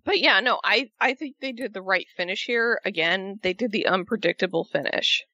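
A chatty woman co-hosting a wrestling recap podcast. Her voice is bright and forward, recorded dry and a little dull. She rambles through asides with animated energy. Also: mid-range voice, normal speed, no echo. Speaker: podcast co-host. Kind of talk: casual wrestling recap chat.

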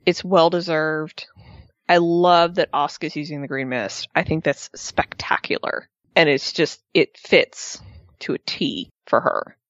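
A woman co-hosting a casual wrestling recap, expressive and acting out quotes in high voices. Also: measured pace, no echo, highs cut off. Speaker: podcast co-host.

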